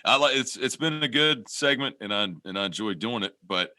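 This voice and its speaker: A man's voice: mid-range voice, expressive, fairly quick, bright, forceful tone, no echo, studio quality. A man co-hosting a podcast in casual chat, rambling and swearing a lot, often restarting his sentences. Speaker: podcast co-host.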